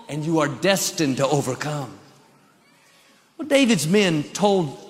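A man's voice: a little high, big-room sound. A male pastor preaching a sermon with an emphatic, repetitive cadence.

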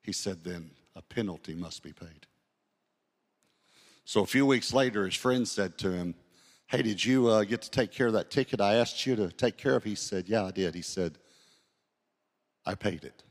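A male pastor preaching a sermon, telling a story with quoted dialogue and slowing down to read scripture aloud. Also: lowish voice. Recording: long hall reverb.

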